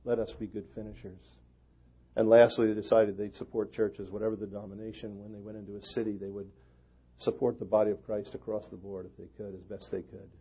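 A male pastor preaching with an earnest sermon delivery, his low, dark and husky voice rising to loud emphasis and sinking to hushed prayer. The recording is dull and lo-fi. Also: little pitch movement, fast talker.

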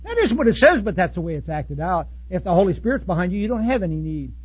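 A man preaching a sermon in a blunt, folksy way, swinging from loud outbursts to soft asides. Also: high voice, sing-song, quick pace, slightly rough, muffled recording. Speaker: pastor.

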